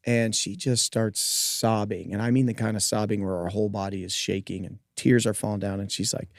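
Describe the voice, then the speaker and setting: A man who hosts a podcast and coaches gymnastics, telling a personal story in a lively way with joking asides. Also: lowish voice, a little fast, few pauses, dry recording, studio quality. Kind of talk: casual interview storytelling.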